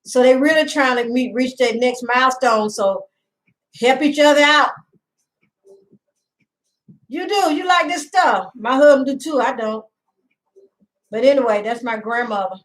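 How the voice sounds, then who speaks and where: On a poorly recorded clip, a middle-aged woman with a fairly high voice runs a relaxed home livestream. She chats and wanders between topics, calls out viewers by name, and laughs often.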